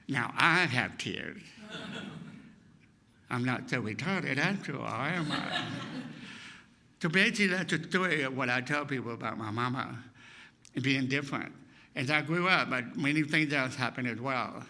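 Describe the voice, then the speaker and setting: Guy telling a life story at church, really bright voice, pitch jumps all over. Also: normal speed, pauses often. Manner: animated, acts out quotes, laughs often. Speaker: guest speaker. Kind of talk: personal storytelling sermon. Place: congregation hall.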